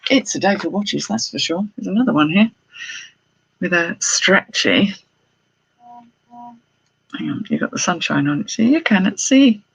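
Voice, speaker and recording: In dull audio, a middle-aged woman with a low, gravelly, husky voice speaks at a measured pace, pausing often but staying very animated. She's a jewellery reseller on a live haul stream, unboxing, chatting casually, exclaiming, and thinking aloud to viewers.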